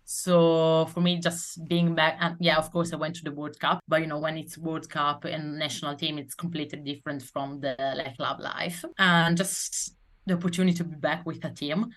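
A young Italian woman with an accent from northern Italy, speaking English as a second language in a casual interview, halting with many fillers and restarts. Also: deep voice, level tone, fairly bright tone. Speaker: guest rugby player.

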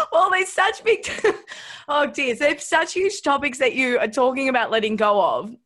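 Woman host, kinda high voice, laughs a lot, asks easy questions. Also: animated, a little slow, a bit bright. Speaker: interview host. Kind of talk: casual interview.

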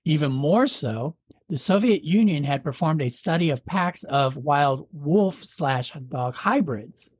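Husky man reading a spooky legend. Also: on the high side, lively intonation, a little mellow, dry recording. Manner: measured storytelling, dry jokes. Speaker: podcast host. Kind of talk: reading a legend aloud with banter.

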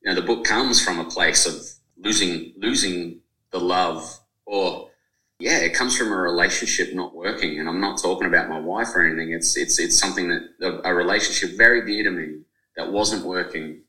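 Forties male author, deep voice, talks in heartfelt run-on bursts, echoey room. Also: normal speed, pushed and bright. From Australia. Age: 40s. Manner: rambling, emotional, lots of fillers and restarts. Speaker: author and journalist. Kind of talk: podcast interview.

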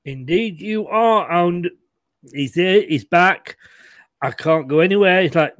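Jokey male host with a high voice. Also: measured pace, a bit bright, no room sound. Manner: jokey, laughs often, teasing. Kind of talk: casual chat.

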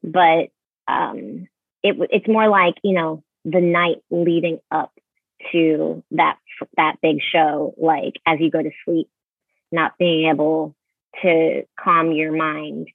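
A woman's voice: low-pitched, flat delivery, takes it slowly, gravelly, husky, no echo. A woman in her thirties from Utah, a ballet dancer, talking candidly and chattily as an interview guest, with many fillers. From Utah, USA. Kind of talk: casual interview. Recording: tinny phone line.

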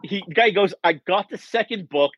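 A man's voice: high-pitched, moderate pace, no room sound, muffled recording. A man telling a story in a casual podcast conversation, acting out the quoted lines as he goes. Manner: animated storyteller, acts out quoted dialogue. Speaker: guest, author.

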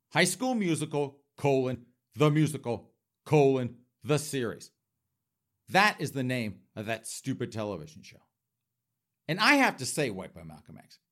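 A man's voice: medium pitch, sharp tone. A man in a campy, flamboyant comedic rant, mock-indignant, talking straight to his audience with laughing asides. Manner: frequent laughing asides and direct audience address. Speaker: comedic commentator host.

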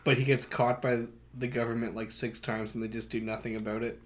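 A young man co-hosting a casual movie podcast, his pitch right in the middle. He mocks the films freely, and his voice climbs and gets loud when a scene irritates him. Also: fairly quick. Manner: mocking, gets loud and animated when ranting. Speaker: podcast co-host.

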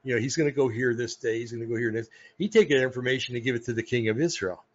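An American man hosting a podcast, talking casually about religion in a rambling way, with many pauses and restarts. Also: mid-range voice, highs cut off. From United States. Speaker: podcast host. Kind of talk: casual religious talk monologue.

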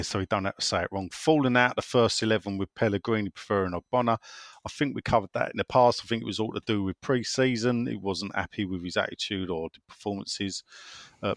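A man hosting a football podcast over a remote call, chatting loosely and rambling on while he swears and mutters to himself. His voice has a middle pitch and a dry, close sound with no room echo. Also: a bit bright. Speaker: podcast host. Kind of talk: casual football podcast chat.

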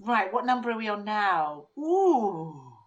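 A woman's voice: mid-range voice, big pitch swings, takes it slowly, dull audio. A woman co-hosting a casual chat, playful and rambling, laughing at herself. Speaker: podcast co-host.

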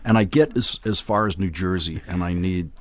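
A man's voice: low-pitched, normal speed, dry recording. Older man with faint Boston accent, dry. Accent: faint Boston accent under trained general American. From Boston, USA. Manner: storytelling, animated, repeats words when starting. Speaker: guest, TV news host. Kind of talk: casual podcast conversation.

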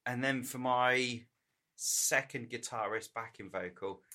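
A man's voice: medium pitch, unhurried, pushed and bright. A man co-hosting a drunken chat podcast, joking, swearing and giggling. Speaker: podcast co-host. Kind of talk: drunken casual banter.

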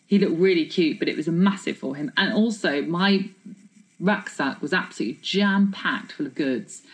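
A woman's voice: low-pitched, moderate pace, rough recording. A woman, telling self-mocking stories in a casual chat. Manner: chatty, storytelling, self-mocking.

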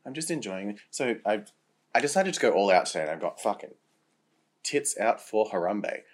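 A man's voice: lowish voice, big pitch swings, fairly quick. A young man cohosting a casual podcast chat, camp and playful, laughing often as he talks. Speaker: podcast co-host.

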